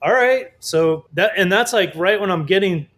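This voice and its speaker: A man telling a lively story as a guest in an interview, casual and swearing often, acting out other people's voices. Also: high-pitched, normal speed. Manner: animated, swearing, acts out quoted voices. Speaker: guest artist.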